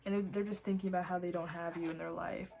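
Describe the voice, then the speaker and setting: A young woman doing a casual tarot reading at home, talking in a lively, loose way with frequent swearing and exclamations. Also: on the low side, fast, vocal fry, soft background music. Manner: animated, swearing, breaks into laughs and snatches of singing. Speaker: tarot reader.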